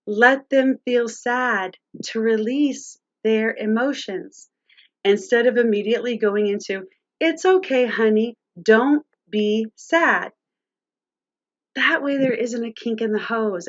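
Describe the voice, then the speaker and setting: A woman's voice: fairly high pitch, lo-fi sound. A woman presenting a live-streamed teaching talk on parenting, speaking directly to viewers and their chat.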